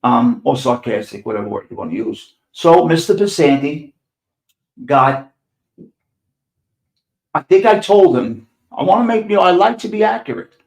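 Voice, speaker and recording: An older New York City man with a New York accent hosts a podcast, delivering a profane storytelling monologue about the streets in a blunt, sarcastic way. His voice is a little high with a darkish tone, expressive, at normal speed with frequent pauses. The recording sounds like an echoey room.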